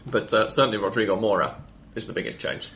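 Chatty low-voiced man hosting a podcast. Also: a bit bright. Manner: rambling, stops to correct himself, quick with stats. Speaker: podcast host. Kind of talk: casual football podcast chat.

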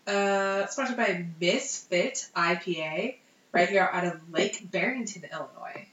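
A hoarse woman co-hosts a casual podcast, her voice still bright and forceful despite the illness. She laughs often and swears freely. The sound is roomy and echoey, a little dull. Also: fairly low pitch, measured pace. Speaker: podcast co-host. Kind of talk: casual chat.

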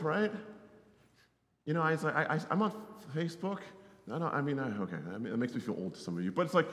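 A man preaching a sermon as a missionary, in a conversational way, often checking in with "right?" and swinging from loud to hushed. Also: a little high, big pitch swings, fast talker. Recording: roomy hall reverb.

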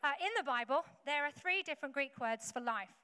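A woman's voice: high-pitched, animated, brisk, pushed and bright. A woman preacher giving a sermon in a conversational way, with humorous asides to the congregation. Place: church hall with congregation. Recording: echoey hall with faint background noise.

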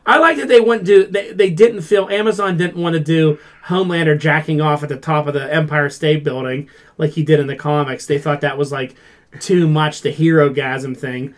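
Male podcast host, animated and profane, slightly high voice, acts out quotes. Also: moderate pace. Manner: animated, acts out quoted lines, swears freely. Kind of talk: casual chat.

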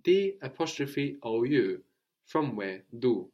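A man's voice: medium pitch, big pitch swings, highs cut off. Patient male French teacher. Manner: patient, explains slowly, repeats phrases for the student. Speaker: language teacher. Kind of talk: French lesson, teacher prompting a student.

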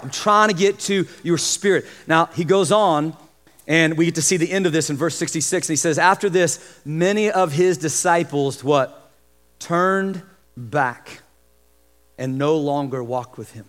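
A man preaching a sermon as pastor, lively, acting out the voices of the people he describes. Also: fairly high pitch, measured pace. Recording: long hall reverb.

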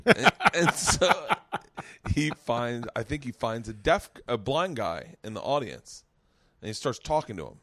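A man hosting a casual comedy podcast, telling stories loudly and swearing, often breaking into laughter. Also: mid-range voice, unhurried, no echo, clean studio sound. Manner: loud, laughing, animated storyteller who swears a lot. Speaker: podcast host.

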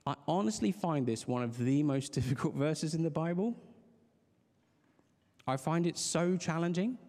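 A man's voice: a little high, a little mellow. A man preaching a sermon in a conversational, earnest way, restarting phrases and laughing lightly as he talks. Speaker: pastor. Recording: long reverb of a large hall.

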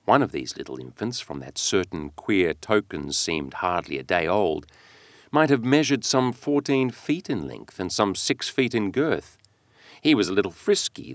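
A man narrating a classic novel in an expressive, dramatic reading that slows and speeds with the text. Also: sits low, no room sound. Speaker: audiobook reader.

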